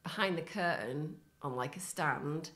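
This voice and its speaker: A woman's voice: sits low, a bit bright. A middle-aged woman co-hosting a podcast, telling stories in a chatty way and laughing often. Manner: chatty, storytelling, quick to laugh. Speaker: podcast co-host. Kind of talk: casual chat.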